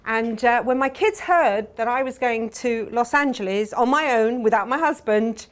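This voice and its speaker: A middle-aged woman telling funny personal stories to customers in a tearoom, chatty and self-mocking, laughing as she goes. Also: a little high. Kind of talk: humorous personal storytelling. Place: tearoom with a live audience.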